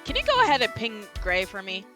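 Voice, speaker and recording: A woman's voice: medium pitch, wildly swooping pitch, quick pace, pushed and bright, soft background music. Chatty giggly young woman streamer. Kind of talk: casual game stream chat.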